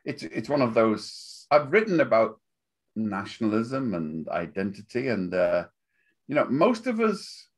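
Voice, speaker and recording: An older man with a Liverpool accent talks in a relaxed, rambling interview, making wry asides and laughing at his own jokes. His voice sits low and a little husky. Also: unhurried. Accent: Liverpool (Scouse). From Liverpool, England. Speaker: interview guest, journalist.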